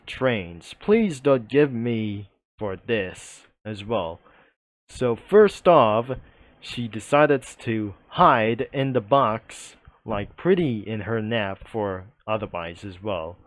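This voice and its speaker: A man's voice: mid-range voice, animated, slow pace, dry recording. A man casually narrating a comic, rambling and stumbling over his words.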